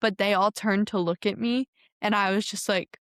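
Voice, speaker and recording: A woman's voice: medium pitch, moderate pace, no room sound, studio quality. Giggly young woman telling a story. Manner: giggly, animated storytelling, many likes. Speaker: podcast guest. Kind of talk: casual chat.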